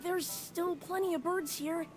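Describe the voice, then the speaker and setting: A bashful young hermit crab in a very high, hesitant voice. Video game character with soft music underneath. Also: female voice, fairly even intonation, a little slow. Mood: nervous. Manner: hesitant, stammering. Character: timid young hermit crab, shy and nervous.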